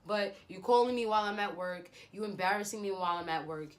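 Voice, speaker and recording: Animated young woman telling a story. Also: mid-range voice, fast talker. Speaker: beauty vlogger. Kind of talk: storytime vlog.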